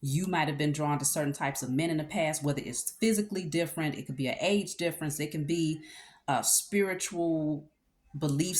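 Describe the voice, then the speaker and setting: A low-voiced woman gives a tarot reading in a relaxed, conversational way. She pauses often to check in with her listener and fills the gaps with casual asides and fillers.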